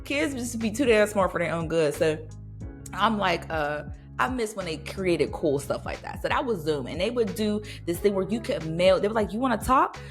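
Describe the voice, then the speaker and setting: A woman's voice: medium pitch, animated, normal speed, faint music behind. A woman in her thirties hosting a podcast, chatting casually and laughing, often slipping into playful voices. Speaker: podcast host. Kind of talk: casual nostalgic podcast chat.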